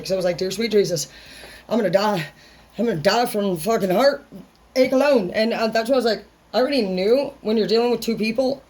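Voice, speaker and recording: A woman's voice: medium pitch, low-quality recording. A woman vlogging in a casual monologue, rambling bluntly and swearing constantly. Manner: brash and unfiltered.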